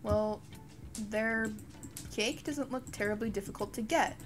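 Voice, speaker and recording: A young woman giving casual commentary over a game, frustrated and swearing, with sudden shouted outbursts. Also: fairly high pitch, measured pace. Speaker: gaming YouTuber. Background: faint background music.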